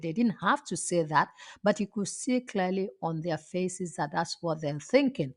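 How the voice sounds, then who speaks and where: Woman host, lower-pitched, earnest and indignant while recounting something she witnessed. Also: animated, moderate pace. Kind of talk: personal anecdote monologue.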